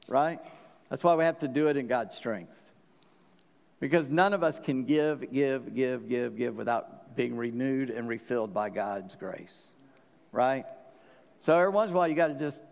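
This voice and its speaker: Folksy pastor preaching in a reverberant hall. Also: male voice, on the high side, normal speed, vocal fry. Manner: folksy, joking, animated when quoting scripture. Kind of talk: sermon.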